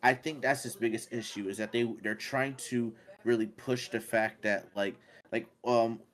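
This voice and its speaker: A man's voice: mid-range voice, moderate pace. A man co-hosting a casual gaming podcast, rambling with many fillers and restarts. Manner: rambling, filler-heavy, animated when excited. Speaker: podcast co-host.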